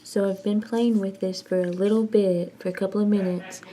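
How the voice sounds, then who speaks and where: A woman's voice: mid-range voice, fairly even intonation, moderate pace, mellow. A woman vlogging in a casual chat, rambling and self-mocking as she tinkers and jokes.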